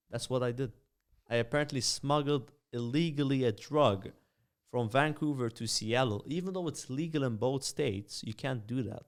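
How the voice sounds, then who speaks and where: Maltese man telling stories, smooth voice. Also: mid-range voice, normal speed. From Malta. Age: young adult. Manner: animated storyteller, many fillers. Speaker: guest, streamer. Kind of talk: casual storytelling chat.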